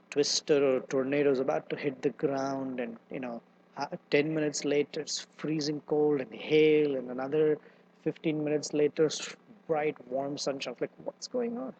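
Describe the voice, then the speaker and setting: A man's voice: on the high side, level tone, normal speed, a little mellow, muffled recording, a little hiss or hum. A man giving a scripture class lecture, chanting Sanskrit verses and explaining them in a conversational way with side jokes and asides. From not from America. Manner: conversational teaching with asides and humor. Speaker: Bhagavatam class speaker.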